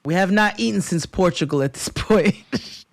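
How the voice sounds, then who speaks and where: A man co-hosting a podcast, telling a long story in casual chat, acting out quotes in high voices and laughing often. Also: moderate pace, creaky, no room sound, clean studio sound. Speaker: podcast co-host.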